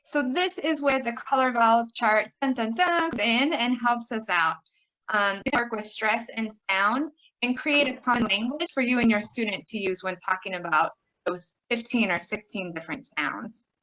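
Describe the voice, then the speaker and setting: Upbeat young woman workshop presenter, a bit high-voiced, exaggerates sounds for teaching. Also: normal speed, pushed and bright, low-quality recording.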